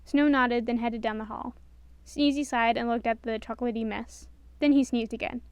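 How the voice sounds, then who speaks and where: Smooth-voiced woman storyteller. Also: a little high, moderate pace, dry recording. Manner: expressive, does all voices. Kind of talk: storybook narration.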